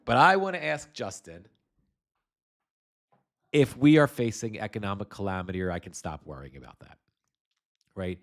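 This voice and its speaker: A man from the United States with a somewhat low voice hosts a political commentary livestream. He rambles, swears freely and speaks bluntly. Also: lively intonation, moderate pace, pauses often. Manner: rambling, blunt and heavily profane. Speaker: host.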